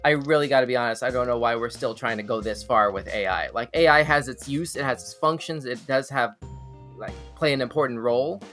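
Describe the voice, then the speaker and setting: A man hosting a live weird news reaction show, excitable and laughing, with stumbling restarts. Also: medium pitch, a little fast, faint music behind. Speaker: show host.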